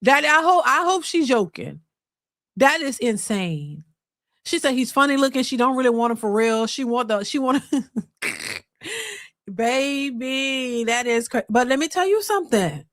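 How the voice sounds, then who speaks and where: Woman, reaction streamer, animated and exclamatory, higher voice, dry close sound. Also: normal speed, no room sound. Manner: animated, exclaiming, talks straight to viewers. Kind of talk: live reaction commentary, reading viewer messages.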